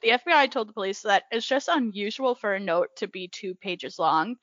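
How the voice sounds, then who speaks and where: A young woman co-hosting a podcast in casual chat, chatty and quick to agree. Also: medium pitch, animated, fairly bright tone, no echo. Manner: chatty, frequent agreeing "yep". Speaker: podcast co-host. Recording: dull lo-fi, dry sound.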